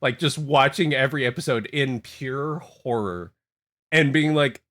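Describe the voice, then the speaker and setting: Rambling, animated young male streamer. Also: mid-range voice, measured pace. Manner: rambling, animated, jokey reactions to chat. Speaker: live streamer. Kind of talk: casual stream chat.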